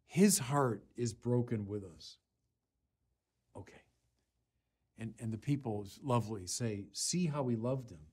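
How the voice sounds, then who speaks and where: A man, a bishop, preaching a Sunday sermon in earnest, deliberate phrases with pauses, rising in force when he quotes scripture. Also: mid-range voice, a little mellow, slightly rough. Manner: slow, deliberate delivery with pauses.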